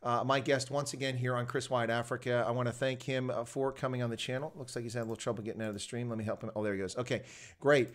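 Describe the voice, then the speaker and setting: A male host from the United States who talks quickly and at length. His chat is loose and enthusiastic, full of restarts and asides. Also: medium pitch, fairly even intonation. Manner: chatty, rambling, enthusiastic. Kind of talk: casual interview chat.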